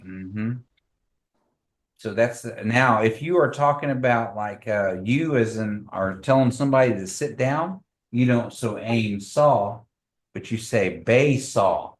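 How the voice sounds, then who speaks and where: A man teaching a language class, speaking slowly and patiently, repeating phrases for the group. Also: medium pitch.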